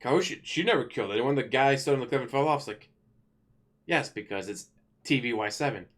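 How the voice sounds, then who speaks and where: A man ranting casually to camera as a channel host, rambling and correcting himself, blunt and quick to swear. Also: medium pitch, animated.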